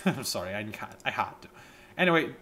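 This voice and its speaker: A man casually commentating a strategy game he is playing, animated and self-mocking, with bursts of excitement. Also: lowish voice, normal speed. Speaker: let's play host.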